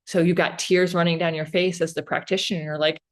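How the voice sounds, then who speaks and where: A woman's voice: on the low side, little pitch movement, brisk. A woman guest on a podcast, explaining ideas in a casual, earnest way and often checking in with "right?".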